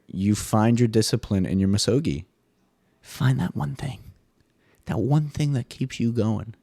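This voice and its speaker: A man hosting a casual solo podcast monologue, swearing freely and jumping into high mock voices now and then. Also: darkish tone, no echo, clean studio sound. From US East Coast. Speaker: podcast host.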